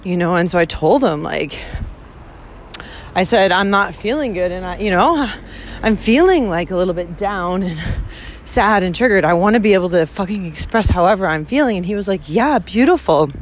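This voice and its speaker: A woman's voice: fairly low pitch, animated, moderate pace, a little hiss or hum. A young woman in a casual walking vlog, talking candidly and emotionally, swearing often, recorded outdoors on a phone. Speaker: vlogger. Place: outdoors walking to a train station.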